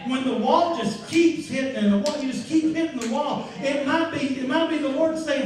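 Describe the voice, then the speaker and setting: High-voiced preacher in an echoey church. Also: male voice, moderate pace. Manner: lively storytelling, acts out voices, bursts into shouts. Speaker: pastor. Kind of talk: sermon. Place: church sanctuary. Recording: echoey church room, mic far off.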